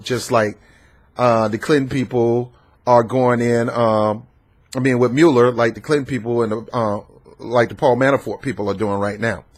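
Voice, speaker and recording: A man from the American South, giving an emphatic, repetitive political rant and talking back at the people he discusses. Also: medium pitch. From Southern United States. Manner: emphatic, repetitive, talks back at his subjects. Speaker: political commentator. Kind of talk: ranting political commentary.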